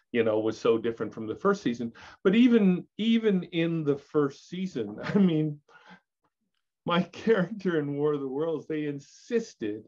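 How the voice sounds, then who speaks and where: An older actor telling candid stories as an interview guest, animated and laughing, with many restarts. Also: male voice, mid-range voice. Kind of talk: candid storytelling chat. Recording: dull lo-fi audio.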